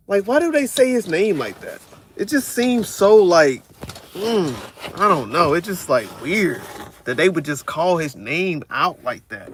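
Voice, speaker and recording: A man's voice: sits high, moderate pace, a little hiss or hum. A man hosting a live show, chatting casually and repeating himself as he talks to his viewers. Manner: animated, repetitive, talks to viewers. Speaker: host.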